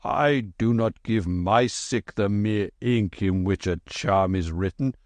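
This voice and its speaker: A man's voice: lowish voice, slow pace, no room sound. A man voicing a boastful, long-winded middle-aged quack doctor with a thick, heavy voice in an audiobook. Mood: pompous. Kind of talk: audiobook character voice.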